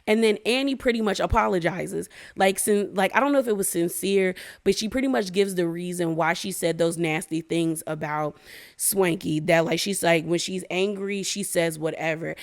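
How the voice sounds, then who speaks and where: A woman with a lowish voice at normal speed chats to her viewers about a reality show. The recap is casual and gossipy, packed with slang and strong opinions.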